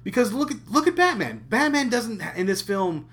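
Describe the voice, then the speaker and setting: A man co-hosting a casual film podcast, his voice sitting a bit high and swinging widely up and down. He talks in animated bursts, often stopping and restarting his sentences. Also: moderate pace. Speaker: podcast co-host.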